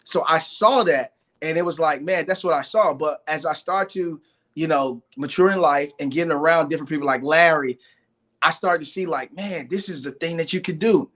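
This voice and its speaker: A middle-aged entrepreneur appears as a guest in a live interview, speaking at normal speed in a slightly high, fairly bright voice. He earnestly recounts his life story, repeating phrases and piling up lists of the hardships he faced.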